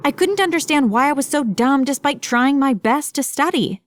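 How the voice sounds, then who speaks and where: Dramatic, higher-voiced woman storyteller. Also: expressive, normal speed, a little hiss or hum. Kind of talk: first-person animated story narration.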